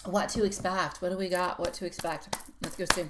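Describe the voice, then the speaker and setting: A woman's voice: lowish voice, fairly even intonation, a little fast, heavy background noise. A middle-aged woman giving a live-stream tarot reading, chatty and affectionate, laughing often as she greets viewers. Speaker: tarot reader.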